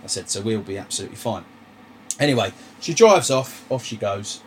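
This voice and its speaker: Animated man telling a story. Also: on the low side, fairly quick, a little hiss or hum. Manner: animated, swearing, retells dialogue. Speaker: podcast host. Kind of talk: casual storytelling chat.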